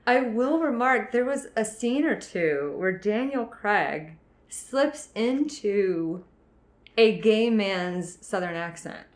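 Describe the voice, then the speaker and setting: A woman's voice: medium pitch, slow, reverberant. A woman from the American South co-hosting a podcast, chatting casually about movies with frequent laughter. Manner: laughs often, animated asides. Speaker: podcast co-host. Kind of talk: casual film discussion.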